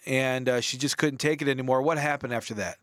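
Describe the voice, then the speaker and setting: Male host retelling his guest's story, smooth clear voice, dry close sound. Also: medium pitch, steady tone, fast talker, fairly bright tone, dry recording. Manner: leading questions, recaps the guest's story. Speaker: interview host. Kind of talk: Christian interview.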